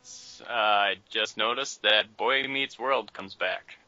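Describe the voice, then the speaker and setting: A man with a very bright, tense tone and mid-range pitch, slipping in dry, wry quips. The sound is dull and lo-fi. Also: slow, no room sound. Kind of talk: casual chat.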